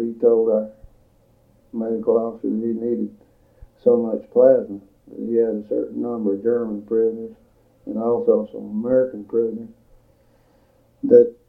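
An older man tells his recollections in a plain, unhurried way with frequent pauses. His voice is gravelly and stays on an even, flat pitch. The recording sounds thin and tinny, like an old tape played over a phone line. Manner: plain-spoken storytelling, measured with pauses. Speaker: veteran giving oral history. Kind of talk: recorded oral history recollection.

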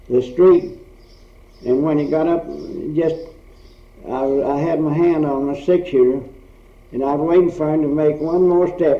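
An older man telling blunt, rambling stories from his past in casual chat, swearing freely. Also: a little high. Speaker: storyteller recalling old times. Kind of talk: casual oral history storytelling. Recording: roomy, dull old tape recording.

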